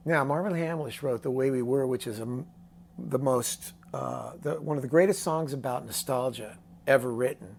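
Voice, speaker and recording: Older male songwriter guest with a gravelly voice, animated storyteller who acts out the people he quotes. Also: medium pitch, moderate pace, slight background noise. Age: 60s. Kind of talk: casual storytelling interview.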